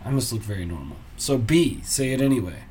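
Male podcast host, mid-pitched, deadpan self-mockery, trailing muttered asides, faint background noise. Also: a little fast. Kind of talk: solo comedy podcast, casual musing.

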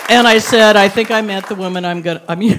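A woman's voice: mid-range voice, fast talker, a loud crowd, very noisy. A woman in her sixties tells a personal story on stage before an audience, wry and self-mocking, laughing through her lines.

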